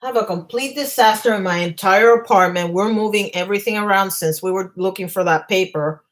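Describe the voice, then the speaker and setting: A woman vlogger on a live stream at home, telling a story in a fast, agitated rush and stumbling over her words. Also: medium pitch, poor audio. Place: home apartment.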